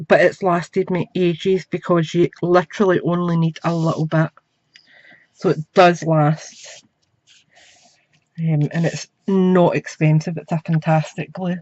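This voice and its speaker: A woman talks through a craft project at her home desk at an unhurried pace. Her chat is easy and running, as if she is working with her hands the whole time. The sound is a bit dull and muffled, like a home camera recording. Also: on the low side, little pitch movement, dry recording. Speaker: craft demonstrator. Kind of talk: crafting tutorial. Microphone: camera mic.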